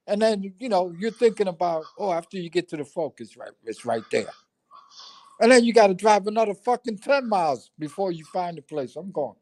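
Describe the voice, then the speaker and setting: A man's voice: high voice, animated, fairly quick, darkish tone. An older man from New York with a New York accent, telling stories in casual profane chat on a livestream. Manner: profane, storytelling, street talk. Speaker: livestream co-host.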